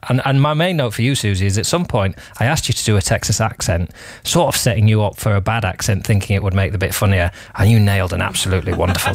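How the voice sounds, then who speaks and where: A man's voice: on the low side, no room sound. Guy hosting radio, rambly teasing chat, dry studio mic. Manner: teasing, rambling, laughing often. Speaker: radio show host. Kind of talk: casual studio banter.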